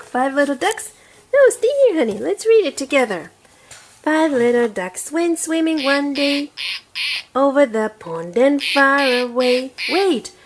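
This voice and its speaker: A woman giving an English reading lesson to a child, saying words slowly and clearly and repeating them for the learner. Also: high voice.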